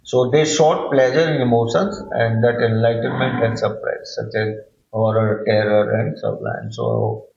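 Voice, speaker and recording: A male English literature teacher giving an explanatory lecture, halting often with fillers and repeated words. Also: medium pitch, fairly even intonation, vocal fry, darkish tone, reverberant, highs cut off, a little hiss or hum.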